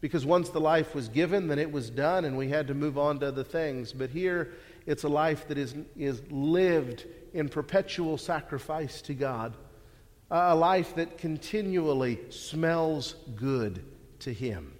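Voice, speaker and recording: A man's voice: on the high side, unhurried, a little mellow. A man preaching a sermon, earnest and full of rhetorical questions, often repeating words as he restarts. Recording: long hall reverb.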